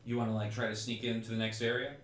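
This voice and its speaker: A man's voice: medium pitch, little pitch movement, rapid-fire, fairly bright tone, echoey room, a little hiss or hum. Rambling man running a tabletop game. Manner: casual and rambling, many fillers like "like" and "um". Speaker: game master.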